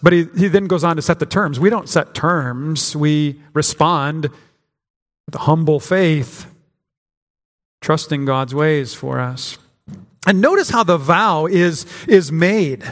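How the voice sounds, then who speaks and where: A man's voice: on the high side, takes it slowly. A man preaching a sermon as pastor, in a conversational way with frequent restarts and acted-out quotes. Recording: long hall reverb.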